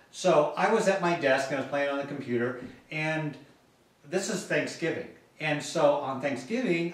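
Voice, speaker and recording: Animated man telling a story in an echoey room. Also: fairly high pitch, far from the mic. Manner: animated, jokey, laughs through the story. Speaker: gardening channel host. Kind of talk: casual vlog storytelling.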